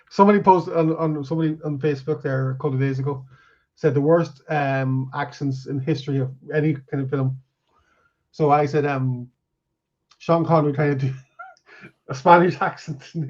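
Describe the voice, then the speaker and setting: A man's voice: on the high side, fairly even intonation, normal speed, pauses often, a little mellow. A man hosting a casual film chat, chiming in with short agreements and prompting the others. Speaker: podcast host. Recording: dull lo-fi sound.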